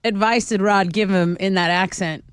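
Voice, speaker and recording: Female radio co-host, mid pitch, chatty, laughs easily, studio mic. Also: steady tone, moderate pace, clear, resonant tone, dry recording. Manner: chatty, giggly. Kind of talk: casual radio banter. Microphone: studio microphone.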